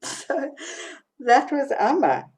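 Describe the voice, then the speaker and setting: A South African author, a woman, telling stories as an interview guest and acting out the quotes in lively fashion. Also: high-pitched, takes it slowly. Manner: animated storyteller acting out quotes. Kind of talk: storytelling interview.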